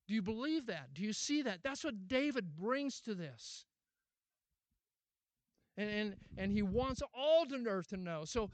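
A pastor with a high-pitched voice preaches a sermon, posing many rhetorical questions and repeating himself. He moves from loud, urgent appeals to a quiet closing prayer, and there's no echo.

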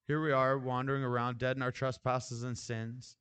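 A man's voice: mid-range voice, level tone, normal speed, a bit bright, smooth. A man delivering a sermon in an easy, conversational manner. He talks informally, with casual asides and restarts, as if chatting with the congregation. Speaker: pastor.

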